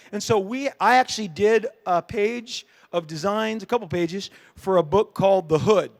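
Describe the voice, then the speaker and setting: A middle-aged man talks to a convention crowd in a rambling, animated way. His voice sits high for a man. He trips over fillers and restarts and slips into voices for the people in his story. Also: moderate pace, hardly any pauses. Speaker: comic creator on a convention panel.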